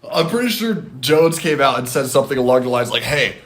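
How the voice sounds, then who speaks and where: A man hosting a casual live stream from his phone, talking with chat in an animated, loose way with casual swearing. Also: medium pitch, fast talker.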